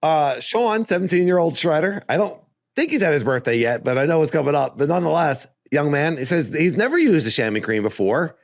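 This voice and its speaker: A man's voice: a little high, lively intonation, brisk, no room sound. Man rambling and joking in a dry, dull recording. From Arizona. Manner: rambling, joking, laughs often. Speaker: podcast co-host. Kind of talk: casual chat.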